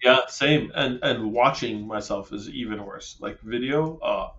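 A man's voice: mid-range voice, measured pace, fairly bright tone, highs cut off. A man co-hosting a podcast, bantering playfully and laughing often. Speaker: podcast co-host. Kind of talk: casual chat.

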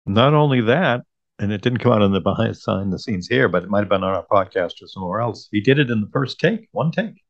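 Very low-voiced woman co-host. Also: lively intonation, fast talker, dry recording, highs cut off. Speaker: podcast co-host. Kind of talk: casual chat.

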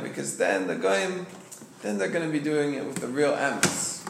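A man's voice: fairly high pitch, moderate pace, creaky, slight background noise. A man in a study class explaining a text earnestly, working through the ideas aloud. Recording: roomy echo.

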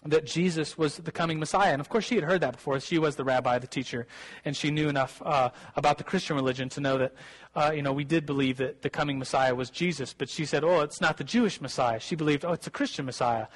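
A man's voice: on the high side, steady tone, fast talker, poor audio. A young man, a pastor, preaching a casual sermon and telling a personal story, with many restarts and asides.

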